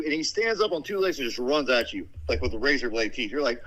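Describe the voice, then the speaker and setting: A man in a casual, rowdy chat, swearing constantly and acting out every character in his stories. His voice is very bright and forward. He argues his points hard and laughs along with his friends. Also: fairly high pitch, fast talker, few pauses, rough recording.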